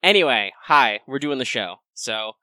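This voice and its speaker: A man hosting a casual live-streamed game podcast, chatty and quick through sponsor reads. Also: medium pitch, lively intonation, pushed and bright, dry recording. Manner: chatty, fast patron list reading. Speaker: podcast host.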